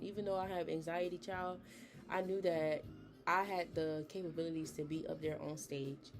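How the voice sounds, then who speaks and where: With a fairly low, steady, creaky voice at a moderate pace, a young podcast host offers casual motivational talk, earnest and encouraging and full of fillers. Music plays in the background.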